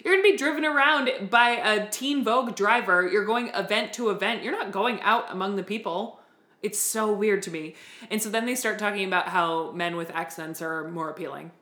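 A woman's voice: medium pitch, moderate pace, sharp tone. A woman co-hosting a podcast, recapping a TV episode in a dry, wry, chatty way. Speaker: podcast co-host. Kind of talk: casual recap chat. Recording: roomy echo.

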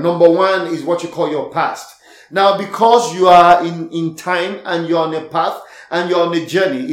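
Pastor, male, slightly high voice, preaching to his congregation, lots of repetition, reverberant room. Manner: repeats key lines, calls out to the congregation. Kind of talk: sermon.

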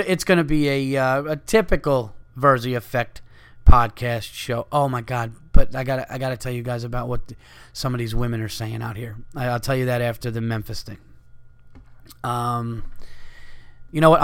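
A man's voice: mid-range voice, fairly bright tone, smooth. A man hosting a podcast, telling a story in a casual, rambling way with lots of swearing, fillers and asides. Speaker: podcast host.

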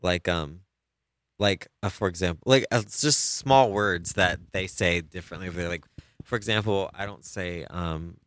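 A man's voice: low voice, normal speed, a bit bright. An American man chatting casually, rambling with frequent ums. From United States. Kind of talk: casual chat.

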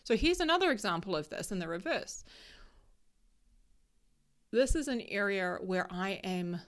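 A woman in her thirties giving a motivational talk about solo travel, emphatic and coaching, often checking in with "right?". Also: on the low side.

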